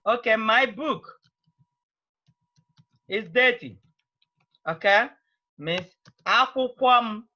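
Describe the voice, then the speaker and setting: A woman's voice: fairly high pitch, lively intonation, takes it slowly, pauses often, sharp tone, muffled recording. A woman teaching a language class over a video call, speaking. She prods students patiently and repeats her phrases.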